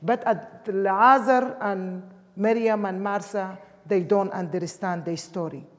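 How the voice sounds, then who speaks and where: A woman's voice: medium pitch, steady tone, a little slow. A woman from Sudan, preaching a sermon emphatically in English. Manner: emphatic, with non-native English grammar. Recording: long hall reverb.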